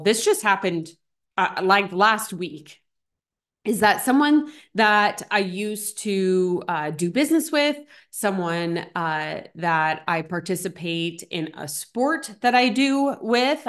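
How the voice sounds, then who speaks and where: A middle-aged woman hosting a podcast, telling stories in a chatty, animated way with lots of fillers. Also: medium pitch. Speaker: podcast host. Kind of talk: casual solo podcast talk.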